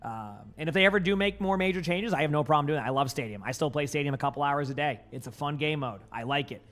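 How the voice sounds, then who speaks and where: Rambling streamer with a light Boston accent. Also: male voice, on the high side, expressive, quick pace, a bit bright. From Boston area. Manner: rambling, filler-heavy, many restarts. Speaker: gaming streamer. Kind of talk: casual chat with stream chat.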